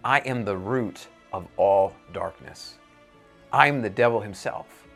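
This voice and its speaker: A man voicing a slow gloating devil spirit. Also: on the low side, creaky, fairly bright tone, faint music behind, heavily acted.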